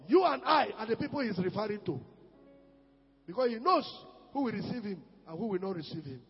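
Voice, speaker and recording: A man preaching a fervent sermon, shouting out lines, repeating phrases and reading scripture aloud. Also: high-pitched, lively intonation, moderate pace, husky, long reverb tail, dull audio.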